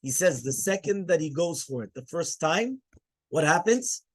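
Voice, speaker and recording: A man teaching a Torah class as a rabbi, animated, putting questions to his listeners and hushing them. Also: fairly high pitch, normal speed. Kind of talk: Torah class to a live audience.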